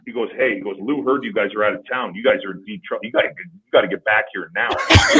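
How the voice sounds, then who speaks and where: A man's voice: lowish voice, quick pace, few pauses, fairly bright tone, husky, poor audio. A man, a former hockey player, casually telling long profane stories on a podcast. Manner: profane, rambling anecdotes. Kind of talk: casual storytelling.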